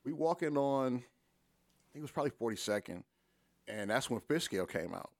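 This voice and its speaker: Animated man telling profane street stories. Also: brisk, no echo, studio quality. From Detroit. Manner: animated, profane, acts out quotes with big pitch jumps. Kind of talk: casual storytelling.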